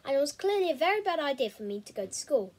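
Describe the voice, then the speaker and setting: A woman's voice: sits high, quick pace. A woman hosting a read-aloud series, chatting casually before narrating a novel expressively. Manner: chatty with fillers in intro, expressive when reading. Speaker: host reading a novel aloud.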